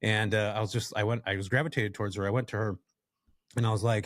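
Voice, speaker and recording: A man from California, a podcast guest, telling a story from his working life in a casual, animated way and addressing the listeners directly. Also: fairly low pitch, quick pace, no room sound, studio quality. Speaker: podcast guest, real estate investor.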